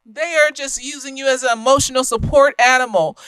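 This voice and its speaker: Young woman, casual profane reviewer, slightly tipsy, laughs a lot; high, smooth, resonant voice. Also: fairly even intonation, fairly quick, a bit bright, no echo. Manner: profane, laughing often, emphatic. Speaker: film reviewer.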